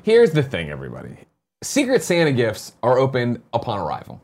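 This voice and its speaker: Lively, animated man co-hosting a chat show. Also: mid-range voice, brisk. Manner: energetic joking banter. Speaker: co-host. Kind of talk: casual chat.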